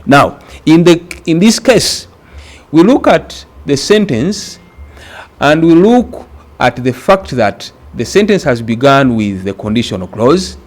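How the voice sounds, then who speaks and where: This Ugandan teacher's voice is a little high and sing-song as he works through a grammar lesson geared toward exams. He speaks with deliberation, repeating words for emphasis.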